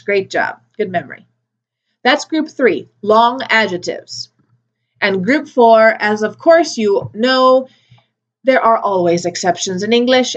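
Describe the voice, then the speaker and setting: Woman teacher drilling grammar slowly. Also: mid-range voice, highs cut off. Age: adult with a daughter. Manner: slow, careful word-by-word modelling for learners. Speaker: ESL teacher. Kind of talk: recorded grammar lesson.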